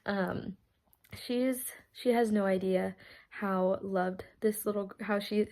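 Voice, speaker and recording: A woman records a birthday tribute for her aunt in a mid-pitched, everyday voice. She talks casually and warmly about her memories, with lots of ums and small restarts along the way. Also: steady tone, slow pace. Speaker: niece giving a birthday tribute. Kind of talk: recorded personal birthday message.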